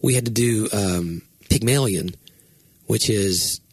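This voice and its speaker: A man with a slightly husky voice talks in loose, rambling casual chat, stopping and restarting his thoughts with animated jumps in tone. The sound is dry and close, with no room around it. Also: fairly low pitch, slow, no room sound. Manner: rambling, self-interrupting, animated. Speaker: pastor and podcast host.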